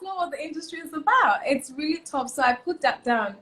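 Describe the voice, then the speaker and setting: A woman's voice: high voice, a little fast. A young woman, a fashion stylist giving emphatic advice as a guest in a casual interview. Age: young adult. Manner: emphatic, repeats key points, animated.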